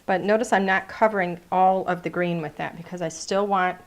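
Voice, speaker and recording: A woman's voice: fairly low pitch, fairly even intonation, fairly quick. A woman hosting a live cardmaking class, chatting playfully as she narrates each step of her work. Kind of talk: live crafting demonstration.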